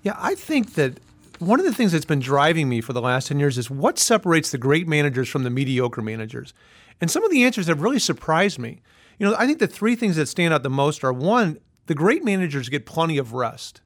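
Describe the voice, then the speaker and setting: A man with a notably high-pitched voice answers interview questions as a management consultant. He explains earnestly and lays his points out one by one. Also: very animated, a little fast. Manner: earnest, list-driven explaining.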